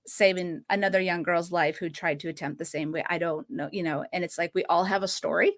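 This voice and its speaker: A woman's voice: fairly low pitch, fairly even intonation, fairly quick. A woman in her late thirties hosting a podcast, talking earnestly in casual conversation and often breaking into short laughs. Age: 30s. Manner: earnest, laughs often while telling a story. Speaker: podcast host.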